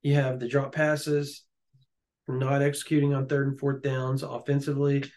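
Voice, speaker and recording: Excitable man talking college football. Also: medium pitch, moderate pace. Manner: excitable, jokey, laughs often. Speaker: sports podcast co-host. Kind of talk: casual sports chat.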